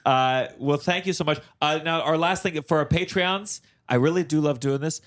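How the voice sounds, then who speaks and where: A man hosting a comedy podcast, chatting and plugging the show in a quick, halting way. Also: on the high side. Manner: quick, halting, stumbles on restarts. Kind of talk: casual chat and show plug.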